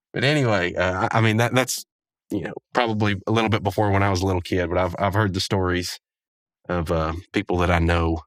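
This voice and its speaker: A man's voice: lowish voice, fairly bright tone, no room sound, studio quality. A man hosting a podcast, recapping an episode in a rambling, chuckling way with many asides. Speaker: podcast host.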